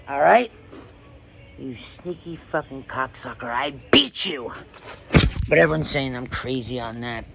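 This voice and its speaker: A man's voice: fairly high pitch, vocal fry, a bit bright, slight background noise. A man in a raw personal monologue, rambling, emotionally distressed and swearing often. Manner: profane.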